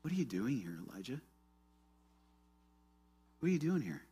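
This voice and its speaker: A man preaching who voices God as soft and tender, asking questions without condemnation. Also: high-pitched, big pitch swings, moderate pace, husky, voice pushed up, exaggerated voice. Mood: gentle. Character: gentle, loving God speaking softly to a prophet. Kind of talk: sermon with acted quotes.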